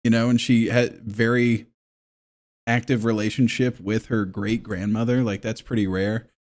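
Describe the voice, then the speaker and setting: A man's voice: fairly low pitch, flat delivery, moderate pace, darkish tone. A man co-hosting a podcast in casual chat, crude and rambling, laughing as he riffs. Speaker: podcast co-host.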